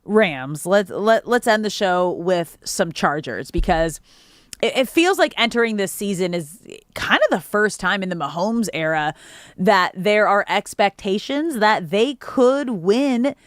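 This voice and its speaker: A woman's voice: medium pitch, lively intonation, measured pace, dry recording. A woman co-hosting a sports talk radio show, upbeat and polished at a studio microphone.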